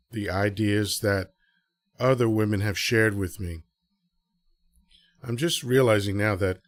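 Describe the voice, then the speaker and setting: A man's voice: fairly low pitch, no room sound. A man hosting a live audio show, talking casually to listeners and throwing out rhetorical questions. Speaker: podcast host.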